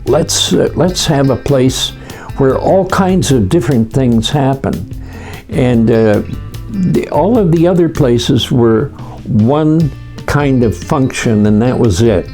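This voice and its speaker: Slow, mellow older man. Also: mid-range voice, expressive, soft background music. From Canada. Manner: unhurried storytelling with frequent "uh" pauses. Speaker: interviewee. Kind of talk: reminiscing in a documentary interview.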